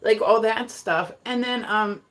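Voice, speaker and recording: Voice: medium pitch, unhurried, fairly bright tone. Rambling streamer from Delaware. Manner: rambling, filler-heavy, laughs often. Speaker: livestreamer. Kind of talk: casual live-stream chat.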